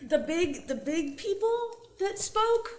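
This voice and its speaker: A woman joining a casual podcast chat, chiming in with quick, wry jokes. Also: very high-pitched, big pitch swings. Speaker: podcast guest.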